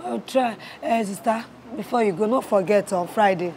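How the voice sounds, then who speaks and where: A woman's voice: mid-range voice, normal speed, darkish tone, a little hiss or hum, close to an everyday voice. A woman with a Nigerian Pidgin accent playing a heartbroken young woman pleading with her lover in a comedy sketch. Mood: sad.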